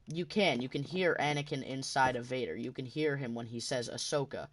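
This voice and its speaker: A man's voice: mid-range voice, brisk, a bit bright. A man hosting a gaming channel, talking in a casual rambling monologue while he plays, passionate and often restarting his sentences.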